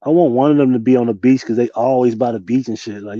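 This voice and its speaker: Young man, relaxed livestream host; mellow tone, dry slightly muffled desk mic, easy laughing delivery. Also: medium pitch, fast, no echo. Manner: loose, laughing, slangy, talks to chat. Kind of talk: casual late-night livestream chat.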